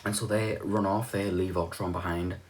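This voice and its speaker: A man's voice: low voice, steady tone, moderate pace, slight background noise. A young man giving a rambling, offhand recap of a movie's plot, swearing now and then. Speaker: movie reviewer.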